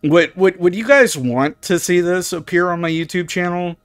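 A man's voice: high-pitched, moderate pace, no echo, clean studio sound, soft background music. A man commenting casually while he plays a game, stammering, swearing and reacting with disgust. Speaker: streamer playing a game. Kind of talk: casual live gameplay commentary.

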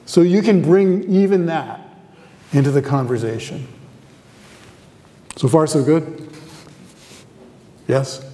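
In a lecture hall with a live audience, a man gives a university lecture as a guest theology professor, keeping it conversational and often asking the audience questions. His mellow voice is on the high side, and he speaks slowly with frequent pauses, the sound echoing in the large hall.

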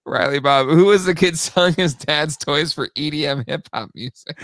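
A man co-hosting a toy podcast in casual chat, excitable and quick to laugh. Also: fairly high pitch, no echo, clean studio sound. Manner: excitable, animated, laughs often.

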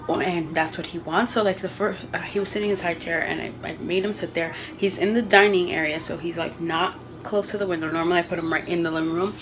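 A young woman vlogging from her home kitchen, rambling and thinking out loud as she talks about her family day. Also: lowish voice, background noise. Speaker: vlogger, mother. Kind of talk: casual home vlog chat.

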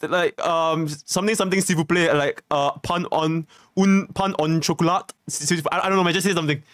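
A young man streaming, chatting casually, rambling and joking, with bursts of loud laughter. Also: fairly high pitch, fairly even intonation, brisk.

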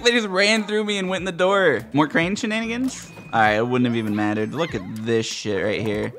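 A man narrates his gameplay in a bright, forceful voice, swearing at the other players. His exasperation shows in every line. Faint game music plays behind him. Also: medium pitch, fairly quick, few pauses. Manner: frustrated, profane, exasperated muttering at other players. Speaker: gaming YouTuber. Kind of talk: gameplay commentary.

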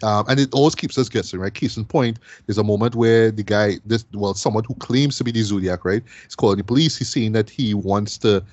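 This is a man hosting a relaxed film review discussion. His voice sits low and sounds dry, with no room around it. He keeps the chat flowing and tags many thoughts with a quick "right?". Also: no echo. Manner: chatty, ends many phrases with "right?". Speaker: podcast host and film reviewer.

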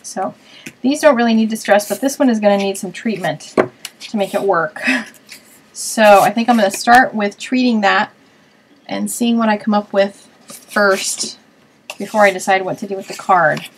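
A woman's voice: medium pitch, moderate pace, long pauses, a little hiss or hum, rough recording. A woman hosting a card-making web show, chatting casually and thinking aloud as she works on a live stream.

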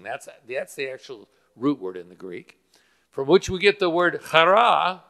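A man's voice: on the high side, a bit bright. Man preaching in an echoing church. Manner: explains Greek word roots, uses fillers. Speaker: pastor. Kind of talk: sermon. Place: church sanctuary. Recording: church hall with long reverb.

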